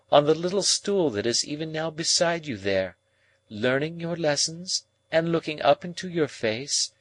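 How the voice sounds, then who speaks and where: A man voicing a proud young woman who speaks in a calm, measured, reproachful way in an audiobook. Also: medium pitch, no room sound, voice pushed up.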